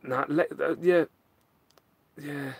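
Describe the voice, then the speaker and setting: Chatting casually from his home loft, a live stream host reads viewer questions aloud and answers them with jokes at his own expense. His voice sits fairly high and stays steady, creaky and husky, and he takes his time. The recording is dry, with no room sound.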